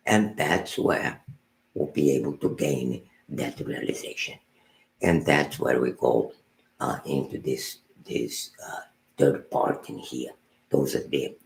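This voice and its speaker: Deep gravelly Buddhist teacher, slow. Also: male voice, reverberant, low-quality recording. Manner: unhurried, halting, repeats words and restarts phrases. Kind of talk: meditation teaching talk.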